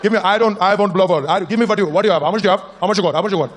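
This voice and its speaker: A comedian putting on a bumbling Indian villain with a put-on accent who bargains over his ransom in broken English. The voice is high for a man and polite in tone. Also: rapid-fire, slight background noise, natural voice. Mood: haggling. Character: bumbling male Indian mastermind terrorist.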